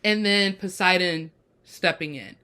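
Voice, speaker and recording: A woman hosting a casual TV episode review, talking in an animated, expressive way and laughing easily. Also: on the low side, measured pace, noisy background. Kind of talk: casual chat.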